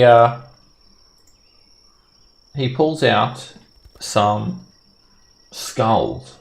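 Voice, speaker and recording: A man narrating as game master of a tabletop game, in a relaxed, casual way. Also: lowish voice, gravelly.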